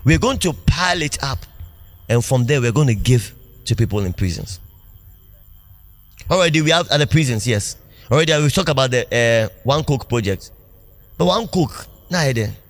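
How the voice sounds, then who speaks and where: A pastor preaching a sermon in a church, animated, laughing often and asking the congregation questions. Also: male voice, mid-range voice, normal speed, pauses often, faint music behind. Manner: call-and-response preaching, asks congregation questions.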